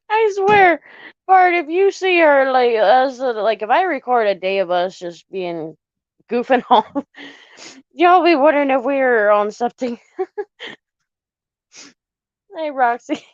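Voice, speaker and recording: A woman holds a casual live chat with viewers at home beside her mother's room, high-pitched and expressive, taking it slowly and pausing often. She belly-laughs between phrases, swears freely, and keeps saying "Lord have mercy," in a dry recording with dull lo-fi sound.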